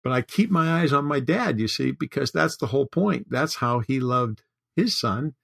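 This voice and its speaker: Earnest older man with a gravelly voice. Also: mid-range voice, expressive, moderate pace, no room sound, clean studio sound. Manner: warm-hearted, earnest, tearful at times. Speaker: podcast guest. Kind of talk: casual chat.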